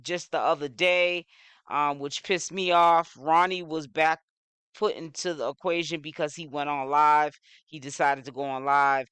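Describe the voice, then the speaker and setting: Man with a bright, crisp voice, casual commentary host, rambling with lots of "you know" fillers. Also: fairly high pitch, flat delivery, a little slow, dry recording. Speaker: social media news commentator.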